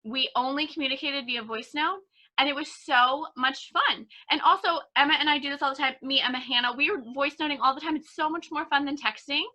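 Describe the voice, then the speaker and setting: Fairly quick and pitched high, this woman in her twenties co-hosts a podcast, spinning lively stories in easygoing chat packed with "like."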